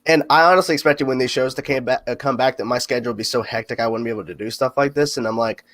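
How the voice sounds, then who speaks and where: A man's voice: medium pitch, rapid-fire, fairly bright tone, dry recording. Chatty man hosting a dry livestream. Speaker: host. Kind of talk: casual livestream chat.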